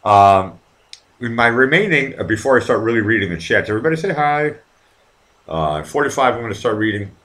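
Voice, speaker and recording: A man's voice: mid-range voice, animated, fairly quick, a bit bright. A man hosting his own live online show, chatting casually to his viewers, rambling and swearing a lot while drinking. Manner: rambling, profane, talks to the chat. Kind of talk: casual live-stream chat.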